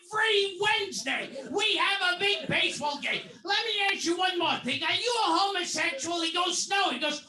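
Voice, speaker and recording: A man doing a comedic impression of a crude old male insult comic, shouting raunchy jokes with a shrill, strained voice. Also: moderate pace, hardly any pauses, full character voice. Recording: roomy, distant mic with loud crowd and noise.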